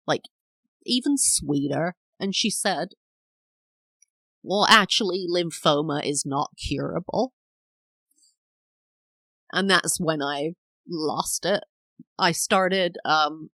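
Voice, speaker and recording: A woman's voice: on the low side, measured pace, fairly bright tone, dry recording. A woman in her thirties, a podcast host telling a personal story in a chatty, rambling way, full of fillers and acted-out quotes. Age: 30s.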